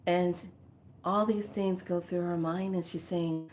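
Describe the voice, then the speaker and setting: A woman's voice: lowish voice, steady tone, a little slow, darkish tone, a little hiss or hum. A woman hosting a casual spiritual talk, telling a family story animatedly and laughing often. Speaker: spiritual teacher and host.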